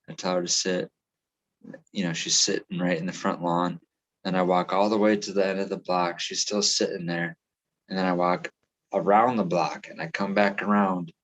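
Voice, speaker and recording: Low-voiced man rambling casually. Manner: rambling, swears freely, restarts a lot. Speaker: podcast co-host. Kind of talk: casual chat.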